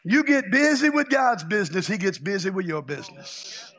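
A man from Louisiana, preaching a loud, exuberant charismatic sermon full of folksy stories and shouted praise. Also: sits high, big pitch swings, normal speed.

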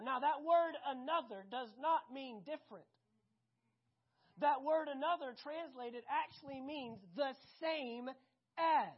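A woman preaching a sermon, animated and conversational, often asking the congregation questions. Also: sits high, unhurried, highs cut off.

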